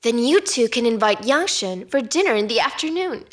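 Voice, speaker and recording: A smug, scheming plotter. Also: female voice, a little high, expressive, normal speed. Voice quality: smug, calculating. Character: scheming, self-assured woman plotting behind others. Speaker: dub actor. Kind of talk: dubbed drama dialogue.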